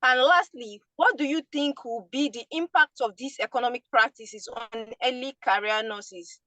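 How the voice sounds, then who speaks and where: Woman from Nigeria, workshop participant, fairly high voice, dry close sound, formal questioning. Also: normal speed, fairly bright tone, dry recording. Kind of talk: asking a prepared question.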